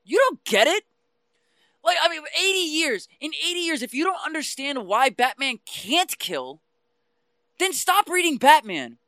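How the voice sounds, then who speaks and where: A man talks fast and fired up, swinging between heated outbursts and quieter stretches of explanation. His voice has a bright, tense edge. The sound is dry and close. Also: very high-pitched, no room sound. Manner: passionate, ranting, animated about comics. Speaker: podcast co-host. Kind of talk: casual chat.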